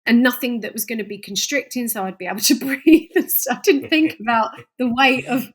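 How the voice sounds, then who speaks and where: A woman's voice: a little high, brisk, slightly rough. Chatty, laughing woman guest. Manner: chatty, self-deprecating, laughs through her stories. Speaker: podcast guest. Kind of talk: casual chat.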